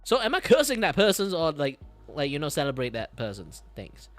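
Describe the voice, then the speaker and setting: A man chats on his live stream as he draws, his pitch swinging widely from low mutters to loud bursts. He rambles, dizzy and disoriented, and swears and laughs along the way. Soft music plays behind him. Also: wildly swooping pitch, a little fast, no room sound. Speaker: art streamer. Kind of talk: casual live-stream chat while drawing.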